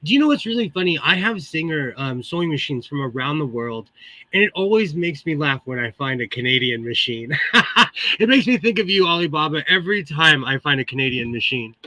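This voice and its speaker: A middle-aged man with a rather high, shrill, bright voice chats unhurriedly on his live stream, greeting viewers by name between laughs. His pitch swings widely as he talks into a computer microphone in his sewing room at home. The sound is close and dry. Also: lively intonation, fairly quick, dry recording. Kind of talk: casual live-stream chat.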